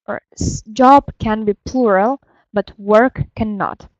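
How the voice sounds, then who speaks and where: A woman teaching an English grammar lesson, explaining slowly and carefully with fillers and self-corrections. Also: medium pitch, no room sound, muffled recording. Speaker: language teacher.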